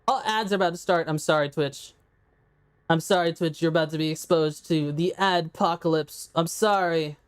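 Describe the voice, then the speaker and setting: A woman game streamer, a little congested, chatting excitedly with her live chat into a condenser microphone. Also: low-pitched, moderate pace, smooth.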